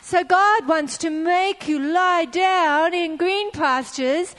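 A woman's voice: very high-pitched, slow pace, a bit bright, big-room sound. A middle-aged woman preaching a sermon, earnest and storytelling, driving points home by repeating phrases.

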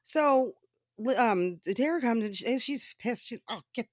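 A woman telling a story in casual commentary style, animated and often laughing, with profane asides. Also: on the high side, measured pace, no room sound, studio quality.

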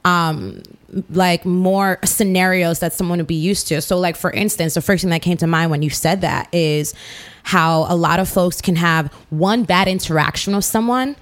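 A woman's voice: fairly low pitch, moderate pace. A woman hosting a casual interview, chatty and playful with loose swearing. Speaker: interviewer host.

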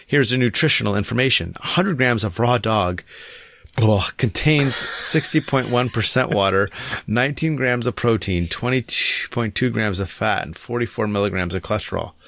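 A man with a lowish, gravelly voice chats casually and reads an article aloud, stumbling and restarting as he goes. The sound is dry and close, with no room echo. He talks in a halting, squeamish way. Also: fairly bright tone. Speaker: podcast co-host.

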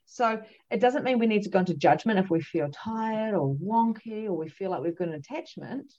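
A woman, a psychic medium and podcast guest, telling a story in an animated, emphatic way with many fillers. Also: medium pitch, fairly quick, lo-fi sound. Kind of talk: casual storytelling chat.

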